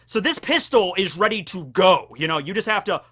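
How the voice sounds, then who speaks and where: A man's voice: sits high, expressive, a little fast, bright, forceful tone, husky. A man from Western Pennsylvania telling a story on his vlog in a casual, rambling way, full of swearing and fillers. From Western Pennsylvania, USA. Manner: rambling, profane, fills with likes and ums. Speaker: vlogger.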